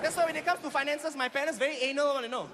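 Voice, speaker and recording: Stand-up comic, male, Malaysian English accent, very high voice, echoing hall. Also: racing, over a noisy crowd, heavy background noise. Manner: animated storytelling with shrill acted voices. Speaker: stand-up comedian. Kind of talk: stand-up comedy. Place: comedy stage before a live audience.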